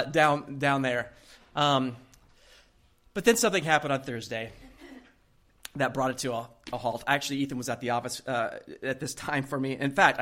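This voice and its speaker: A male pastor preaching a sermon, telling a story in an animated way and laughing often. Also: mid-range voice.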